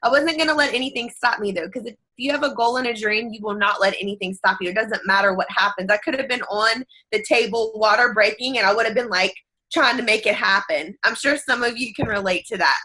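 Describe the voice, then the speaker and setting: A woman in her thirties gives an energetic, earnest motivational talk. Her voice is bright and forceful and sits a little high. She speaks straight to the audience, with a strong note of faith. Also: brisk. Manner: energetic, earnest, faith-filled, addresses listeners directly. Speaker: network marketing team leader.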